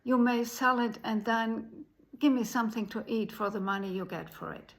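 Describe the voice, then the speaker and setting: A woman's voice: on the high side, normal speed, close to an everyday voice. A woman voicing a poor, desperate little girl who pleads for help. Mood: pleading.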